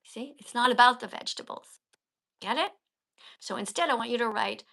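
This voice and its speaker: A woman's voice: on the high side, fast, creaky, bright, forceful tone. A woman hosting a casual livestream, talking in an emphatic, coaching way and stressing key words. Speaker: livestream host and vegan teacher.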